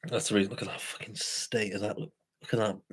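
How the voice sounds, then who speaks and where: A man's voice: lowish voice, little pitch movement, fast talker, slightly rough. A man hosting a live beer review stream, rambling and self-deprecating with plenty of swearing. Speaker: beer review channel host. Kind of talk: casual live-stream chat.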